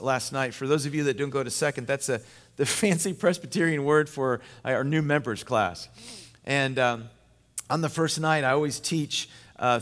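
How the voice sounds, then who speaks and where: Emphatic preacher in a reverberant hall. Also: male voice, mid-range voice. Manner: emphatic and repetitive, swinging from loud and rising to hushed and intense. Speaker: pastor. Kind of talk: sermon to a men's gathering.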